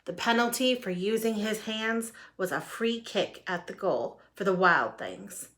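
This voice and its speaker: A woman reading a children's picture book aloud in a lively, expressive way. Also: medium pitch, a little slow. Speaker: storyteller. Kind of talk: children's storybook read-aloud.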